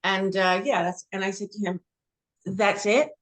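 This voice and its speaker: A woman's voice: medium pitch, measured pace. A woman from New Jersey, an actress guest telling anecdotes in a casual interview. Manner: warm anecdotal storytelling.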